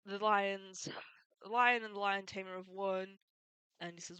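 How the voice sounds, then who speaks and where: A woman's voice: medium pitch, fairly even intonation, measured pace, pushed and bright, clean tone, dry recording, rough recording. A woman retelling a comic story in a casual, chatty way, adding opinionated and fond asides. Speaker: manga recap YouTuber.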